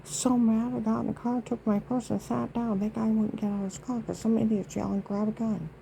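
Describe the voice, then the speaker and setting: A woman's voice: on the high side, flat delivery, fairly quick, creaky, mellow, a little hiss or hum, poor audio. A woman vlogging in a rambling, indignant monologue, aggrieved and emphatic with many asides.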